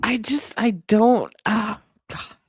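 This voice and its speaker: A woman's voice: a little high, slow, husky, no room sound. A woman hosting a casual live stream, laughing often and sounding playfully exasperated.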